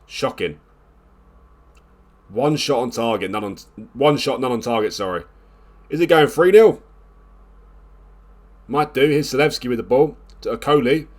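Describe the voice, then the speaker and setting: A man, commentating his football management game as a video host, groaning at mistakes and getting excited when his team scores. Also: mid-range voice, moderate pace. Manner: exasperated groans, then rising excitement during the comeback.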